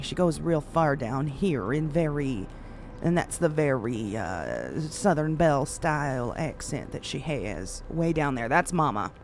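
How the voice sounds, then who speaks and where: A woman's voice: sits low, animated, measured pace, slight background noise. A woman streamer chatting casually with her viewers, swearing freely. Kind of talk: casual live-stream chat.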